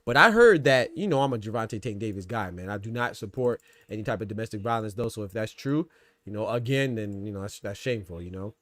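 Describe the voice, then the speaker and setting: A man's voice: on the low side, lively intonation, fast talker, a bit bright, no room sound. Argumentative man hosting a boxing livestream. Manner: argumentative, repeats phrases to drive a point. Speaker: boxing talk show host. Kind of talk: casual livestream commentary, reading chat.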